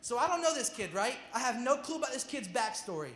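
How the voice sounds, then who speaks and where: A man's voice: very high-pitched, animated, quick pace, hardly any pauses, fairly bright tone, slightly rough, big-room sound. A man preaching a sermon to a youth group, casual and slangy, joking with the crowd between points. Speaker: youth pastor. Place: church hall with youth audience.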